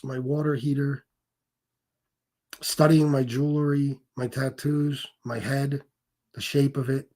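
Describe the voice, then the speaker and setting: Speaking in a fairly high pitch with a darkish tone, a man runs a casual livestream. He goes through chat comments bluntly, with lots of cursing, repetition, and restarted sentences.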